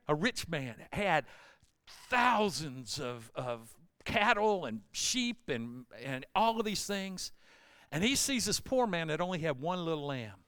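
A man pastor delivers a sermon in a slightly high, smooth voice. He tells the story casually, then presses hard on key lines with rising, emphatic force. The sound is close and dry. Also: expressive, measured pace, a bit bright, dry recording.

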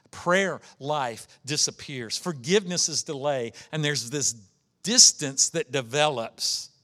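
A man's voice: medium pitch, bright, forceful tone. A man preaching an earnest sermon as pastor, acting out the voices he quotes.

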